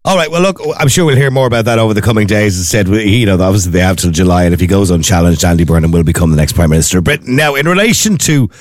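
A male show host with a very deep voice. His pitch swings a lot, and he talks quickly and conversationally. The sound is dry and close to the mic. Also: expressive, no echo. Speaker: podcast host. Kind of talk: interview questions.

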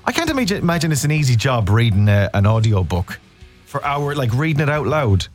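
A middle-aged Irish radio host with a lively, bouncing pitch. He chats and teases in a loose, playful way. Faint music sits under his voice in the studio. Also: fairly quick. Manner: chatty, playful, puts on comic voices. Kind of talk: casual radio chat.

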